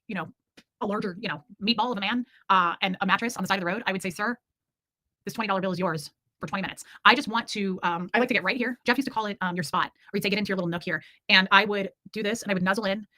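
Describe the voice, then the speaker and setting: A rapid-fire woman in her forties chats frankly on her livestream, rambling and joking as she answers her viewers. Her voice is bright and forward, recorded close and dry with no room sound. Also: medium pitch, no room sound. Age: 40s. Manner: candid, rambling, jokey, reacts to chat. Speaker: livestream host. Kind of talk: casual livestream chat reading comments.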